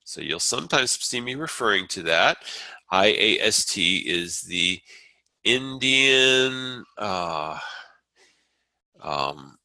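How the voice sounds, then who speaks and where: A man teaching a Sanskrit class, explaining at an unhurried pace with frequent fillers and restarts. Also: low voice, bright, forceful tone, no room sound, poor audio. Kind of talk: lecture.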